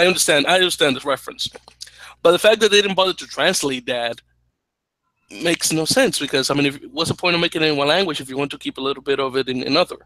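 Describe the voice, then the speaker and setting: A man's voice: a little high, no echo, poor audio. A man co-hosting a podcast, chatting casually and ranting with mild annoyance, restarting his sentences as he goes. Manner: animated, self-correcting, mildly annoyed rant. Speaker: podcast co-host. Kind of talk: casual chat.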